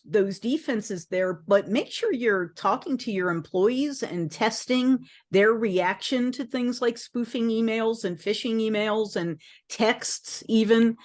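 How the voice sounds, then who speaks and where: A middle-aged woman, an industry analyst, speaking in a measured, explanatory conversational discussion. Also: on the high side, darkish tone.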